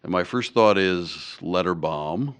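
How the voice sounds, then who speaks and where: A man, an angel investor, telling stories in a dry, measured way during a casual interview. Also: sits low, a bit bright, smooth.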